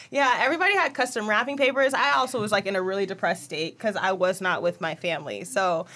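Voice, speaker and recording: A young woman chatting on a podcast about family life, open and a bit rambling. Her voice sits at a medium pitch, and she talks from the heart about her kids. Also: fast, sharp tone, a little hiss or hum. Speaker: podcast co-host. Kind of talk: casual chat.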